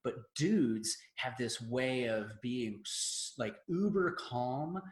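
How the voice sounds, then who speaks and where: A man's voice: mid-range voice, expressive, takes it slowly. Podcast host man in roomy echo. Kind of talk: casual storytelling chat.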